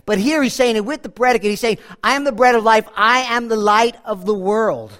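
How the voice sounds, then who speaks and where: A man preaching a sermon, animated, slowing down for quotations and often repeating and restarting his phrases. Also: high-pitched. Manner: animated, dramatic swings in volume, slows for quotations.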